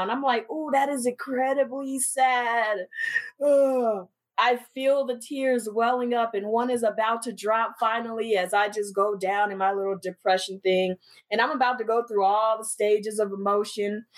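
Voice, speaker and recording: A woman co-hosting a podcast, telling a story in casual chat and acting out quotes with a lot of energy. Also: fairly high pitch. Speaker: podcast co-host.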